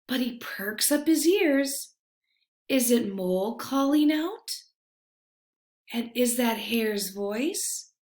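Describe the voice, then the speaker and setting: A woman reading a children's picture book aloud, gentle and expressive, with hushed refrains. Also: on the high side, slow pace. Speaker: storybook reader. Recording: roomy echo.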